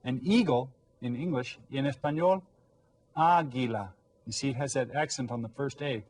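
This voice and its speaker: A man's voice: medium pitch, moderate pace, darkish tone. A man teaching a recorded elementary Spanish lesson, patiently explaining words and prompting children to repeat them.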